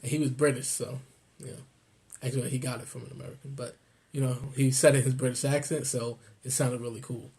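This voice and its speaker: A man's voice: medium pitch, flat delivery, quick pace, gravelly, darkish tone, breathy edge. A man co-hosting a casual weight-loss vlog, laid-back and joking as he gives advice. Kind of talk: casual chat.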